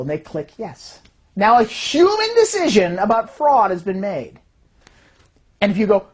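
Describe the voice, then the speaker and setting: A woman who designs fraud detection systems, giving an explanatory talk in a lively way and acting out the voices she quotes. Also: mid-range voice, fairly quick, breathy edge.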